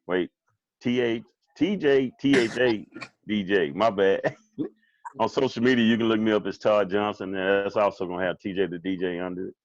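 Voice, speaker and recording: A man's voice: fairly low pitch, moderate pace, no room sound. A man guesting on a podcast as a DJ, joking in laid-back casual banter. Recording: dull dry lo-fi mic.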